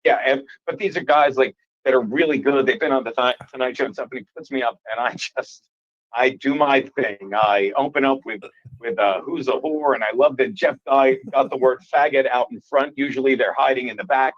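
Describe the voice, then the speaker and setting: A man's voice: medium pitch, a little fast, highs cut off. A man, a comedian, telling a rambling story in casual chat and laughing at himself as he goes. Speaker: comedian guest.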